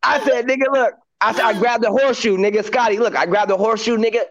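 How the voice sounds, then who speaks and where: A man's voice: very high-pitched, steady tone, fast, fairly bright tone, highs cut off. A man telling a long story in casual chat, acting out each quote, heavy on slang.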